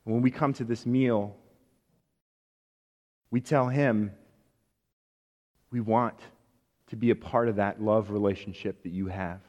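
A man preaching a sermon to a congregation, speaking emphatically and letting many phrases fall soft at the end. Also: lowish voice, fairly even intonation, takes it slowly, long pauses, long reverb tail, muffled recording. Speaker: pastor. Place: church sanctuary.

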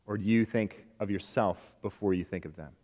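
A man's voice: fairly low pitch, a little fast, lo-fi sound. Emphatic male preacher in a reverberant church. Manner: emphatic, with phrases falling soft at the ends. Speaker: pastor. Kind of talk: sermon. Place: church sanctuary.

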